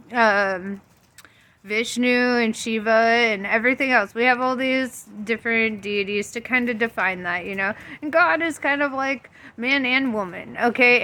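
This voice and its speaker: A woman talking through spiritual ideas in loose, casual chat, breaking into laughter often and swearing freely. Her voice sits a bit high and sounds sharp and bright. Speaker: tarot reader and spiritual vlogger.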